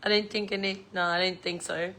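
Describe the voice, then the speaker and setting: A woman's voice: lowish voice, flat delivery, fairly quick, pushed and bright. A middle-aged woman, chatting casually on a livestream, laughing often and swearing freely. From New Zealand. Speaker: livestream host.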